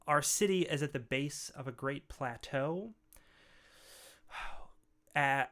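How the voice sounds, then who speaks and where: A deep-voiced ogre scholar, put on by a man running a tabletop game. He speaks in a heavy bass, formal and measured, and the voice is gravelly yet smooth and resonant. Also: a bit bright. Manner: measured, formal speech with pauses. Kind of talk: tabletop game role-play.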